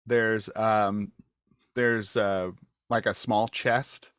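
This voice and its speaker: A man running a tabletop game as game master over a video call, talking haltingly with many fillers and restarts. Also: on the low side, level tone, fairly bright tone, clean tone, no room sound, clean studio sound.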